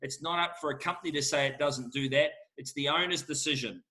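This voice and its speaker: Fired-up, bright-voiced New man. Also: on the high side, fairly quick. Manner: emphatic, fired-up salesman delivery. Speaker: auctioneer answering questions. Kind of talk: lively Q&A answers.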